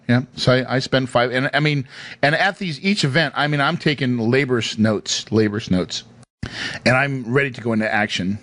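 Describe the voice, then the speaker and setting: A man's voice: mid-range voice, normal speed, fairly bright tone, no echo. A man hosting a podcast, telling a personal story in an emphatic, emotional way and laughing often into a studio microphone. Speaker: podcast host.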